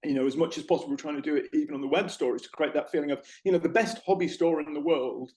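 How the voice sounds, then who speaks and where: Man, lively storyteller, echoey room. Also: on the high side, racing. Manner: animated storyteller, acts out shop conversations. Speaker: interview guest, former retail manager. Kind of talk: conversational interview.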